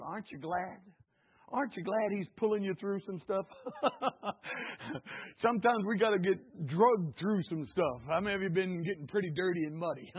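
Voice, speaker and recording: A man preaching a sermon, calling out questions to the congregation and rising to shouts. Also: high-pitched, breathy edge. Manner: call-and-response, rising to shouts. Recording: tinny phone-like sound.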